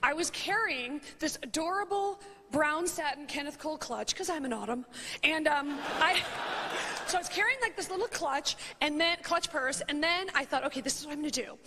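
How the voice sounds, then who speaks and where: A woman in her thirties rambling through a funny anecdote in an animated, chatty way, full of "like" and "you know", laughing at her own story. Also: high voice, moderate pace, noisy background. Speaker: comedian and talk show host. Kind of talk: comedic storytelling monologue.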